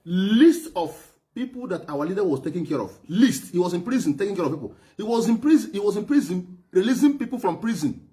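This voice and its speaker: This middle-aged man, Nigerian and speaking with a Nigerian accent, has a high-pitched, sing-song voice with a dark tone and talks a little fast. Recalling his time as a former driver and aide, he is emphatic and repeats himself, stammering and laughing heavily.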